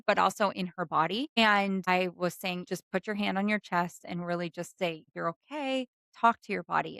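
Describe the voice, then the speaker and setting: Woman podcast host, mid pitch, gentle and earnest, faith-based wellness talk, dry close mic. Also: no echo. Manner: earnest, gentle, repeats phrases for emphasis.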